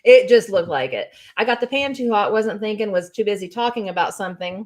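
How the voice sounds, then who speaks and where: A woman's voice: medium pitch, animated, a little fast. Chatty woman. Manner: chatty storyteller with many fillers. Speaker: co-host. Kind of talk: casual chat.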